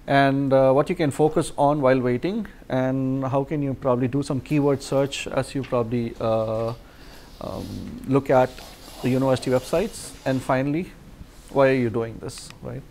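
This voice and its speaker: A man's voice: mid-range voice, fairly even intonation, moderate pace, a little mellow, a little hiss or hum. Man hosting a live session, explanatory, some hedging and fillers. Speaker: education advisor, session host.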